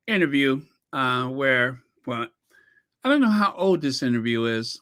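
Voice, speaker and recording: Bright-voiced man hosting a commentary vlog. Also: medium pitch, measured pace. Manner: animated, opinionated, reads viewer chat. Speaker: channel host.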